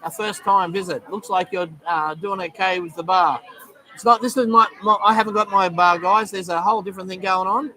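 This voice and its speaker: Speaking in a high, steady voice that is brisk, bright and forceful, this middle-aged Australian runs a loose live stream. Surrounded by a noisy crowd in a Thai bar, he reads out comments, says lots of ums, and welcomes viewers by name.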